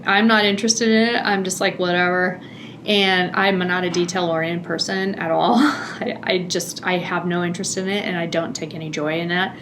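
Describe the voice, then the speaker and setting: A middle-aged woman hosting a podcast, telling a personal story in an animated, chatty way with frequent laughter. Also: on the low side, moderate pace, a little hiss or hum. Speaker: podcast host.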